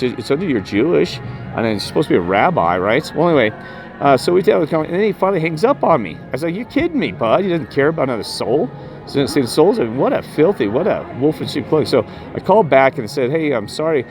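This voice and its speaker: A man vlogging a rambling personal story about spirits, emphatic and jumping up in pitch when he quotes himself. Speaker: paranormal vlogger.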